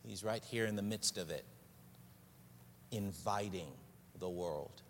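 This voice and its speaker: A man delivers a sermon slowly and earnestly, dwelling on repeated phrases. His voice sits very low. It rings out with a long reverb across a church sanctuary over faint background noise. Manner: earnest, unhurried preaching with pauses and repeated phrases. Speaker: pastor.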